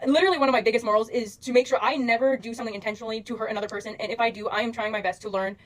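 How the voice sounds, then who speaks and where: Fast, rambling young woman pleading earnestly. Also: fairly high pitch, steady tone, rough recording. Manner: rambling and earnest, heavy on fillers. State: emotional. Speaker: social media creator. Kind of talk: direct-to-camera address to followers.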